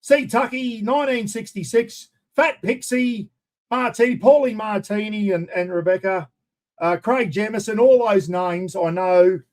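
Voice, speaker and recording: A man with an Australian accent hosting a casual charity live stream, rambling through matey shout-outs to viewers. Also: high voice, unhurried.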